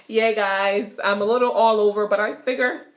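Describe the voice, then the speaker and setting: A young woman with a Jamaican accent gives a playful, giggly patois lesson in her kitchen, repeating words slowly. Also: medium pitch, steady tone. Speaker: vlogger teaching patois. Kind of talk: casual video lesson. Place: home kitchen.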